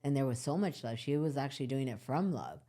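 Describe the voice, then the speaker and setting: A woman's voice: a bass voice, animated, quick pace, warm tone. A woman hosting a podcast, talking in a reflective, earnest way and speaking straight to her listeners. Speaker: podcast host and course creator. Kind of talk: casual podcast conversation.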